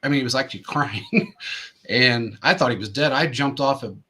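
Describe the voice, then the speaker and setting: Husky, bright-voiced male host spinning yarns. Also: mid-range voice, lively intonation, moderate pace. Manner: rambling anecdotes full of restarts and fillers. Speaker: show host. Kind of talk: casual storytelling chat.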